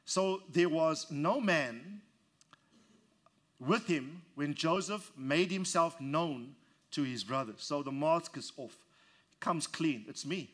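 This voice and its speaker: A man's voice: on the high side, expressive, takes it slowly, fairly bright tone. A man preaching a sermon, reading scripture verse by verse and leading his congregation in call-and-response. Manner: reads scripture aloud and expounds it verse by verse. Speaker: pastor.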